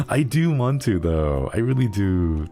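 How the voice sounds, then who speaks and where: A young man with a very deep voice chatting casually on a livestream, rambling and giggling as he jumps between thoughts. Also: mellow. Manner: rambling, giggly, easily sidetracked. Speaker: streamer.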